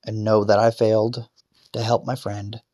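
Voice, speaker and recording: Low-pitched man, confessional podcast storyteller, halting speech that breaks into swearing bursts. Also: level tone, mellow, no room sound, clean studio sound. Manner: swearing, halting restarts, rising to angry outbursts. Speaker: podcaster telling a personal story. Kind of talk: emotional personal storytelling. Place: lying in bed.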